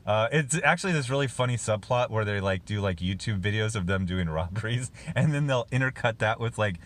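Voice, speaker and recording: A man's voice: on the low side, animated, brisk, fairly bright tone. A man casually reviewing a film on his own channel, rambling with lots of fillers and restarts and chuckling as he talks.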